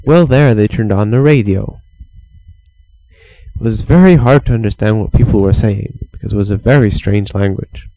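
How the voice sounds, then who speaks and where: A man's voice: on the low side, normal speed, mellow, poor audio. A man improvising a playful, meandering bedtime story for a child, with chants and sound effects.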